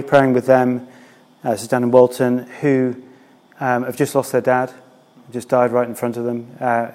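A man's voice: mid-range voice, a little mellow. Man preaching in an echoey church hall. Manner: candid, conversational preaching. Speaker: church minister. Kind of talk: sermon.

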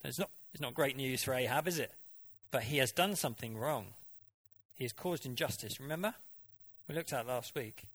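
A man's voice: mid-range voice, fairly quick, a bit bright, husky. A man preaching a sermon in a conversational way, often asking the congregation questions and now and then mimicking voices for effect.

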